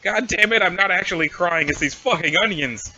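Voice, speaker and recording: A man voicing an aloof, sarcastic teenage boy in a webcomic reading, flat and swearing often. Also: sits high, brisk, lo-fi sound, full character voice. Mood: irritated. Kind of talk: reading a webcomic aloud with voices.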